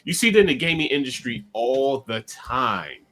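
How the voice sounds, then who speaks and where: A man's voice: medium pitch, big pitch swings, normal speed, pushed and bright. A man on a casual talk panel making cynical, wry remarks about executives.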